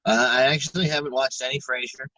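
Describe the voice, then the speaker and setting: A podcast co-host in casual chat, talking frankly and swearing freely with halting restarts, audibly stressed and upset. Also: male voice, mid-range voice, steady tone, pushed and bright, dry recording, distant mic, highs cut off.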